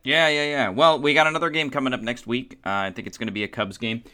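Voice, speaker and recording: A man's voice: medium pitch, steady tone, quick pace, sharp tone. A man co-hosting a podcast in casual chat, easygoing and agreeing along with his partner. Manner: easygoing, laughs along, short agreeing replies. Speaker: podcast co-host.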